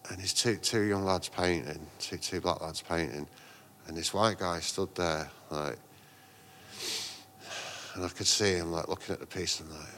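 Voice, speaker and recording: Deep-voiced man spinning yarns. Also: steady tone, normal speed, long pauses, sharp tone, a little hiss or hum. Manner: rambling anecdotes with slangy asides and restarts. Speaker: guest, graffiti artist and painter. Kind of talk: casual storytelling interview.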